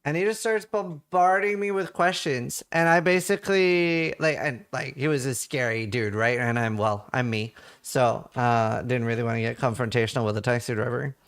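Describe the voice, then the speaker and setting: A man's voice: mid-range voice, normal speed, few pauses, fairly bright tone, smooth. A Norwegian man, a streamer, rambling through a casual anecdote with lots of filler words while gaming at a desk mic. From Norway.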